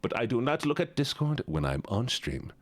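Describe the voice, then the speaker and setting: Male streamer, playful and chatty, very lively pitch, dry close mic. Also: moderate pace, dry recording. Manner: playful, animated, chatty with viewers. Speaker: live streamer. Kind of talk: casual live-stream chat.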